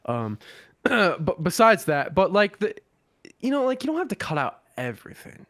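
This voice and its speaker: A man's voice: sits high, very animated, moderate pace, a bit bright, dry recording, clean studio sound. A young man hosting a casual podcast chat, rambling with many restarts and laughing often. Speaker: podcast host.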